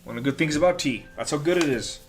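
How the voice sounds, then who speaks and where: A man's voice: a little high, fast talker, slight background noise. A man hosting a casual live stream at home, muttering to himself as he works and tossing off dry, sarcastic asides. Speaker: livestream host.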